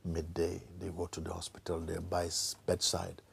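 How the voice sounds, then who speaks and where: A man acting as a spiritual teacher, telling a parable in an animated way, laughing often and tagging his lines with "no?". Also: low-pitched, moderate pace, vocal fry, a little hiss or hum. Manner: lively and animated, laughs often, tags lines with "no?" and "you know". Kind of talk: storytelling in a spiritual talk.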